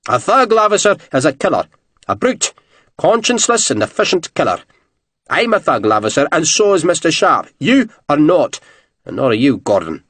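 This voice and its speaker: A blustering, growling army general, blunt and profane, his voice climbing with animated emphasis, as a male audiobook narrator plays him. The voice sits fairly high for a man and the recording is dry. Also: normal speed, dry recording.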